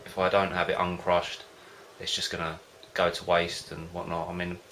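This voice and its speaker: A man's voice: low voice, completely flat delivery, normal speed, gravelly, pushed and bright, a little hiss or hum. A man vlogging about home brewing in a casual, rambling way, often hesitating and losing his thread. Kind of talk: casual rambling chat to camera.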